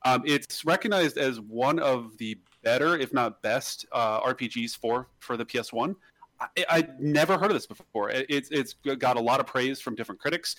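A man's voice: medium pitch, normal speed, fairly bright tone, no room sound. A man hosting a casual podcast, rambling along with many restarts and fillers. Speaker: podcast host.

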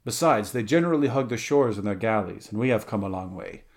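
A man doing a gruff barbarian warrior. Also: on the low side, lively intonation, fast talker, darkish tone. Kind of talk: audiobook character reading.

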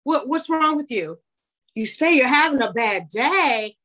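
A woman putting on the voice of a loving old grandmother who gently scolds and coaxes in a high, sing-song way. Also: animated, a little slow, exaggerated voice. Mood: coaxing.

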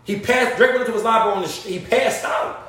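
A man in a heated casual debate on a podcast, animated and argumentative, often cutting in on the others. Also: sits high, quick pace, distant mic, background noise. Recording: very echoey room.

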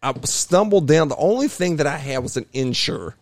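A man telling a long story on a podcast in a casual, animated way, acting out other people's voices. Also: on the high side, moderate pace, no room sound, clean studio sound. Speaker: podcast guest.

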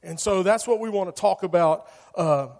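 A man preaches to young people, loose and joking, leaning on filler words. His voice sits high for a man, and a long reverb from the church hall trails behind every line. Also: moderate pace, darkish tone. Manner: casual, joking, lots of "like". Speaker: youth pastor. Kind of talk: sermon.

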